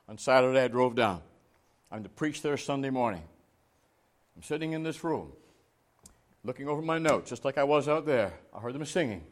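A man preaching an evangelistic sermon, telling personal stories with laughs and acted-out dialogue, rising from quiet narration to loud, emphatic preaching. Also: mid-range voice. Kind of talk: storytelling sermon.

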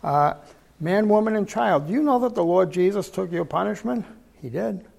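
Older male preacher, gravelly and high. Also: lively intonation, normal speed, darkish tone. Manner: folksy storytelling preacher, repeats words for emphasis. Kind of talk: sermon.

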